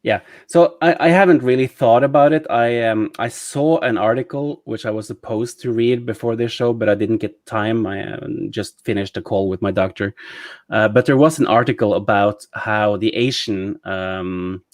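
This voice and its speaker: A man in his thirties with a Norwegian accent, chatting about a movie in a halting way, full of fillers and restarts. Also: on the low side, dry recording, clean studio sound. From Norway. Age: 30s. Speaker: podcast co-host. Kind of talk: casual movie discussion.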